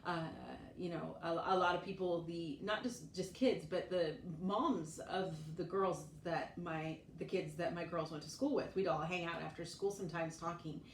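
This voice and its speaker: A woman's voice: fairly low pitch, steady tone, normal speed, hardly any pauses. A woman in her forties, chatting casually as a vlogger. She tells stories, laughs often and acts out what other people said. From United States. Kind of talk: casual storytelling chat. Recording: echoey room, mic at a distance, faint noise.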